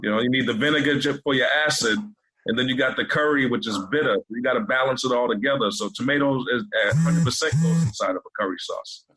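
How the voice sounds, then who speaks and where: Guest chef, a man from Massachusetts, easygoing, husky. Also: mid-range voice, fast, fairly bright tone, poor audio. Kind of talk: casual chat.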